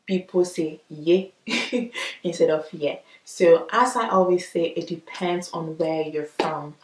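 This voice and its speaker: Brief: woman teacher, low voice, relaxed and chatty, roomy echo. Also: a little slow. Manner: chatty, laughs lightly, checks in with "okay". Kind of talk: casual explanation.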